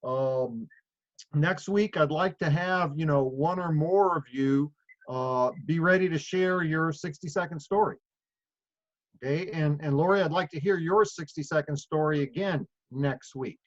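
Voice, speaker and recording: A man's voice: a little high, a little slow. A middle-aged man leading a group call with a casual, rambling, storytelling way of talking and many fillers. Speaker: leader of a sales group call. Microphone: phone or video call. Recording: muffled call audio.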